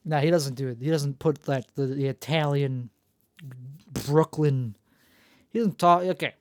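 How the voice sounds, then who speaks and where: Gravelly man rambling alone. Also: fairly high pitch, unhurried, no echo. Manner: self-mocking and jokey, full of restarts. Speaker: podcast host. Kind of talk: rambling solo monologue.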